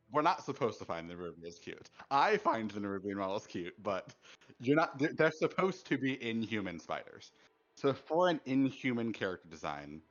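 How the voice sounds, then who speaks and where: A man's voice: mid-range voice, fairly bright tone, dull audio. A man co-hosting a casual gaming chat, talking in a thoughtful, analytical way. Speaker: co-host.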